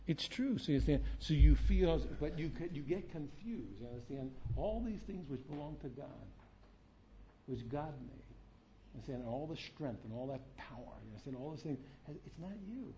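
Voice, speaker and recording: A man teaching an informal Torah class, animated and repetitive, often asking "you understand?". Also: a little high, normal speed, muffled recording, slight background noise.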